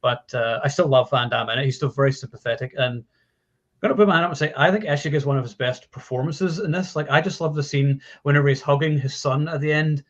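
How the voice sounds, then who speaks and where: Fast-talking man, dull lo-fi sound. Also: mid-range voice, fairly bright tone. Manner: chatty, many fillers and restarts. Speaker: podcast host. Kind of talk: casual movie discussion.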